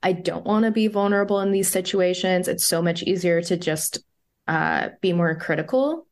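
A woman's voice: fairly low pitch, normal speed. A woman psychotherapist and coach, a guest on a podcast, talking in a chatty, storytelling way that is full of "like" fillers. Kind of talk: casual interview chat.

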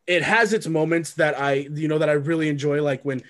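A man's voice: on the high side, fairly even intonation, a little fast, a bit bright. Rambling man reviewing movies. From lives in Oregon. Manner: rambling with frequent ums and restarts. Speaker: podcast co-host. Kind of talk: casual movie review chat.

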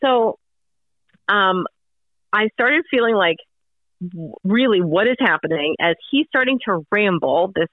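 A woman's voice: mid-range voice, animated, measured pace, long pauses, dry recording. A woman telling a personal story in a casual, rambling way with many fillers, heard over a phone line. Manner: rambling, lots of fillers and restarts. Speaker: radio host, guest. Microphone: phone call. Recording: tinny phone line, dry.

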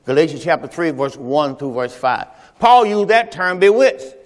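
In a church sanctuary during Sunday service, a male pastor preaches conversationally to his congregation and shares personal stories. His voice is a little high and very animated, at a moderate pace, echoing through the reverberant hall.

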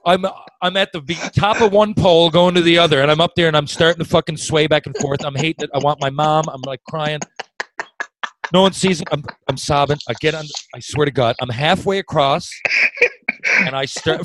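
Profane, animated man spinning a yarn. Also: on the high side, fast talker, no echo, low-quality recording. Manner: profane, animated, swings loud when worked up. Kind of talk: casual storytelling.

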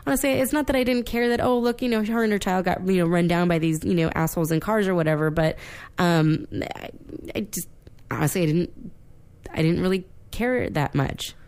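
A woman's voice: lowish voice, steady tone, brisk, darkish tone. A woman co-hosting a casual film-review podcast, talking bluntly and animatedly, swearing freely and using plenty of fillers. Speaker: podcast co-host.

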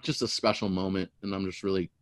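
A middle-aged man casually telling a long, rambling story, animated and often repeating words as he goes. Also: low voice, fast talker, no echo. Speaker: storyteller guest.

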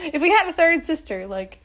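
A woman's voice: high voice, fairly bright tone. A young adult woman co-hosting a podcast in casual chat, giggly and rambling with lots of "like". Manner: giggly, rambling, heavy "like" filler. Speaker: podcast co-host.

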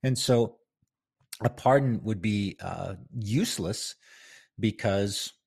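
A man's voice: on the low side, takes it slowly, creaky, a little mellow, slightly rough. A man hosting a casual history talk, rambling and chatty with many fillers and restarts. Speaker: podcast host.

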